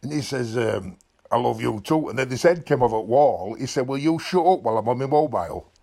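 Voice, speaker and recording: A man's voice: medium pitch, lively intonation, fairly quick, gravelly, dark tone. A Yorkshireman doing a blokey storytelling animal. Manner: blokey storytelling, drops down for asides. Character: a talking trained animal telling tall tales. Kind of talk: dubbed comic voice-over.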